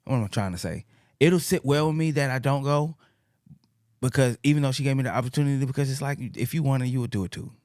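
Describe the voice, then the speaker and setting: A man's voice: mid-range voice, quick pace, darkish tone, no echo, clean studio sound. A man in a casual chat, talking reflectively and searching for his words.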